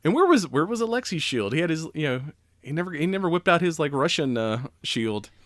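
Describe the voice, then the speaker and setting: A man's voice: fairly high pitch, big pitch swings, a little fast, fairly bright tone, no echo, clean studio sound. A man co-hosting a podcast, chatting casually in a rambling way, laughing often and swearing freely. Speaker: podcast co-host. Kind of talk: casual chat.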